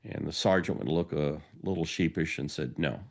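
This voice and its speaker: A man's voice: extremely low pitch, moderate pace, creaky. A man hosting a podcast, telling an anecdote in a storytelling monologue and acting out the lines of the people in it. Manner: anecdotal, acts out quoted dialogue. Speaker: podcast host.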